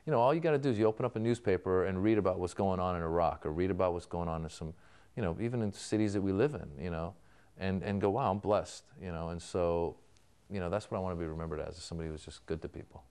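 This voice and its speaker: A man's voice: low-pitched, fast, darkish tone, clean tone. A man being interviewed as a comedian, answering in a storytelling way and acting out remembered exchanges. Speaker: comedian guest.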